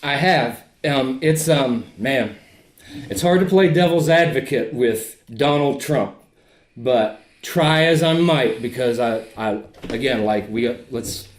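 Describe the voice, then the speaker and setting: A man's voice: mid-range voice, takes it slowly, echoey room. A man talking as a podcast guest in casual conversation, heated, emphatic and profane.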